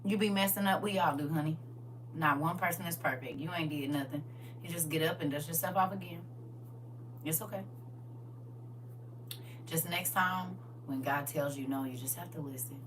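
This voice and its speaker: A woman hosting a livestream in casual chat, laughing often, repeating "listen," and moving into gentle spiritual advice. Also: sits low, normal speed, pauses often. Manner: laughs often, repeats "listen" and "I'm trying to tell you". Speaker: livestream host. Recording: distant mic with faint hum.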